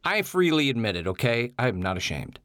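A man's voice: medium pitch, very animated, brisk, a bit bright, no room sound, clean studio sound. A man on a podcast telling a candid personal story in a casual, digressive way, turning playfully defensive when he is corrected.

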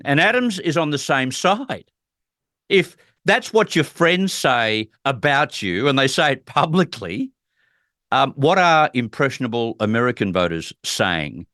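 A man's voice: medium pitch, fairly bright tone, no echo, studio quality. A man hosting political talk radio, speaking emphatically and indignantly. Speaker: radio talk show host.

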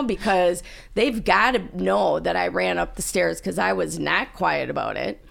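A woman's voice: lowish voice, a little slow, gravelly. A woman co-hosting a casual podcast, telling a story animatedly and acting out her own panicked lines. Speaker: podcast co-host.

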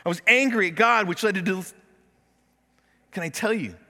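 A man preaching a sermon from the pulpit, his voice high-pitched and bright. He is animated and acts out the complaints and prayers he quotes. The sound rings with the long reverb of a large church hall. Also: moderate pace. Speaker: pastor. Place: church sanctuary.

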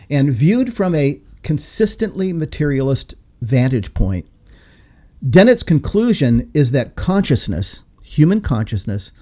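A man's voice: medium pitch, warm tone. A man hosting a podcast discussion, talking in an emphatic, lecturing way. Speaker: podcast host.

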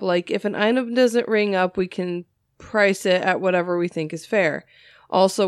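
A woman's voice: medium pitch, no echo. A woman with a middle-range voice reads a listener story on a podcast. She is chatty and keeps laughing at the funny parts. The recording is dry and close. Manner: chatty, laughs at her own reading. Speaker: podcast co-host reading listener stories. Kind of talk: casual storytelling read-aloud.

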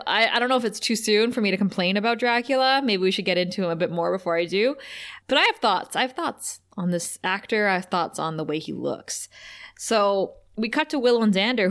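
A woman co-hosting a podcast, recapping an episode in an animated, chatty way with frequent laughter. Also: mid-range voice. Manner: animated, chatty, laughs often, many fillers. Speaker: podcast co-host. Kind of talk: casual episode recap chat.

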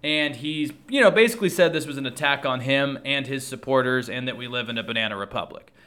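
Guy doing a political commentary talk, bright clear voice, earnest and a bit hesitant. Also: medium pitch. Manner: earnest, measured, with fillers.

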